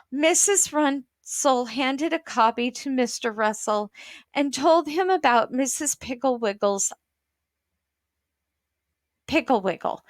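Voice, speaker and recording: Slow, high-voiced woman reading a storybook. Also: dry recording. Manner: slow, expressive, with small slips and asides. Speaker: children's book reader. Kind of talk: reading a children's book aloud.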